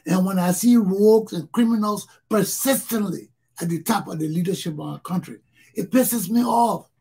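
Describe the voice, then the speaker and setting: A Liberian-accented man hosts his own talk show in a passionate solo monologue. His voice is deeply husky and gravelly, with a dark, mellow tone. He drives his points home by repeating phrases. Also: moderate pace. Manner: emphatic, repeats phrases for stress.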